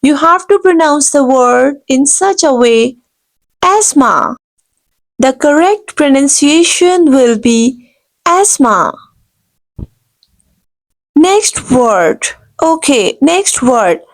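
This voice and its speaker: A woman's voice: sits high, poor audio. A woman teaching pronunciation in a video lesson, who corrects mistakes emphatically and says each word again and again. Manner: emphatic, corrects errors with repeated "no". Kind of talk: slow instructional video lesson.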